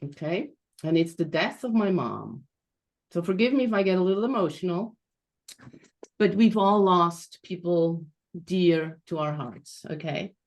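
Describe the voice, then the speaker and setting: A woman from Switzerland giving a reflective, measured personal storytelling talk as a guest speaker over a video call. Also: lowish voice, expressive, a little mellow. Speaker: guest speaker, transition coach.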